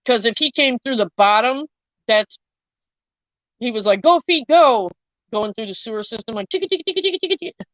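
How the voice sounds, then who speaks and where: A young woman telling viewers a long story in a casual, animated and profane way. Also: fairly high pitch, dry recording, dull audio. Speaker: vlogger, army veteran.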